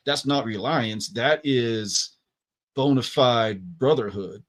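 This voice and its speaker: A co-host in a casual reaction stream who scoffs and talks bluntly, stumbling into restarts now and then. His pitch sits in a middle range for a man. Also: slow. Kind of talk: casual banter.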